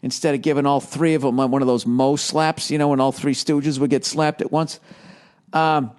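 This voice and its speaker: A man's voice: mid-range voice, steady tone, moderate pace, a little mellow. Grumpy profane man ranting on a podcast. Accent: Boston. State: mentally exhausted. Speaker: podcast host. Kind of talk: rambling comedic monologue.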